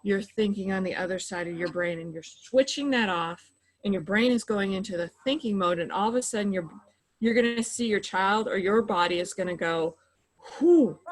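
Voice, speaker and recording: A middle-aged woman who works in mental health offers practical guidance in a relaxed interview. She explains step by step in a patient manner, with plenty of "you know" fillers. Her pitch is ordinary for a woman. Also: fairly quick, poor audio. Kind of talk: advice in a conversational interview.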